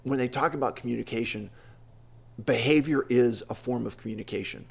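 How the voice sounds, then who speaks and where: Gravelly guy hosting an interview, lots of ums, kinda feels his way through the questions. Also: medium pitch, fairly quick. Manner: thoughtful, hesitant, lots of ums and restarts. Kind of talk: conversational interview.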